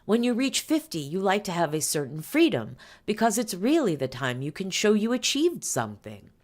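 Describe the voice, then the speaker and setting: A woman voicing a middle-aged French socialite woman with a French accent, speaking in a halting, emphatic way. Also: mid-range voice, sing-song, voice pushed up. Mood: earnest.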